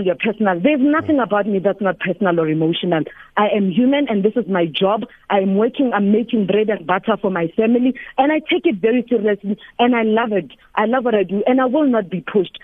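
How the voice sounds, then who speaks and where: A woman's voice: mid-range voice, no room sound. A woman, a sports reporter calling in to a radio interview and talking emphatically and emotionally, repeating herself for stress. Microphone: telephone. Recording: dry tinny phone line.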